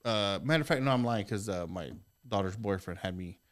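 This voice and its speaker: A man's voice: on the low side, fairly quick, a bit bright. A middle-aged man telling a story as a podcast guest, laughing and swearing often as he goes. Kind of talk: casual storytelling. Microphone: studio microphone.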